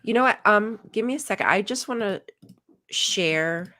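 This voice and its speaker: A woman's voice: medium pitch, animated, moderate pace, pushed and bright. A woman co-hosting a casual podcast, chatting with frequent "like" and "um" fillers. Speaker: podcast co-host.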